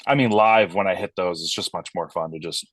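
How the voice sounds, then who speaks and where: A man's voice: low-pitched, a little fast, dry recording. A man who fronts a metal band, chatting casually as an interview guest, swearing freely and acting out voices as he tells stories. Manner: animated storyteller, swears freely, acts out quoted voices.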